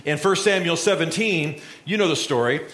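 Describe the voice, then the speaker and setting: A male pastor preaching a sermon, telling a Bible story and acting out the quotes with lively, conversational energy. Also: fairly high pitch, moderate pace. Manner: storytelling, animated, acts out quotes. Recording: roomy echo.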